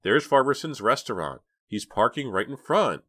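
A man doing a bossy, quick-thinking teen girl. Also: mid-range voice, sing-song, bright, forceful tone, no echo, clean studio sound, voice pushed up. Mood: urgent. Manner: brisk, bossy, urgent.

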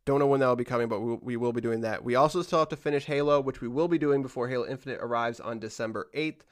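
A man hosting a casual podcast chat at a mid-range pitch. He rambles along, restarting sentences and letting his asides trail off into a low mumble. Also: fast talker. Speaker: podcast host.

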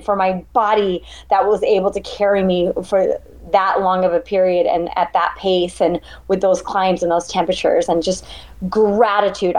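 Animated woman ultrarunner. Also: medium pitch. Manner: animated, emotional storytelling. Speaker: ultrarunner guest. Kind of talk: conversational interview.

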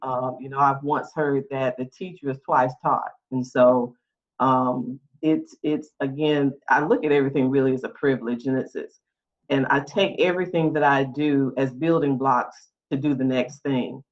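A woman's voice: a bass voice, steady tone, moderate pace. A middle-aged woman, a guest on a podcast interview, who talks about her work with frequent laughs and many fillers. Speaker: guest, writing consultant. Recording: dull lo-fi audio.

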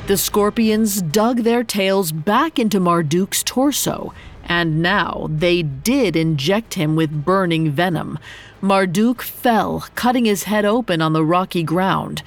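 A woman narrating a mythological story in a calm, measured scripted style. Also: medium pitch.

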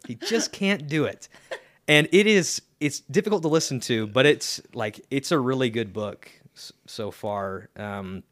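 A young man co-hosting a podcast, chatting casually in a rambling, halting way with lots of fillers and restarts. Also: mid-range voice, animated, a bit bright, no echo, clean studio sound. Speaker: podcast co-host. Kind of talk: casual chat.

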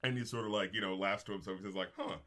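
A man's voice: fairly low pitch, fairly even intonation, racing, sharp tone. A man co-hosting a casual film discussion podcast, laughing often and acting out lines. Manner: laughs often, acts out lines in put-on voices. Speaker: podcast co-host.

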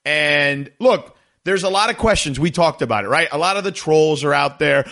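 A man hosting a sports talk radio show, rambling energetically and jumping up in pitch when excited. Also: normal speed, gravelly.

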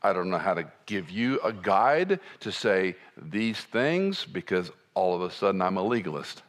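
Low-voiced man preaching conversationally. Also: sing-song, moderate pace. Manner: conversational, wide swings between soft and emphatic. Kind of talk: sermon.

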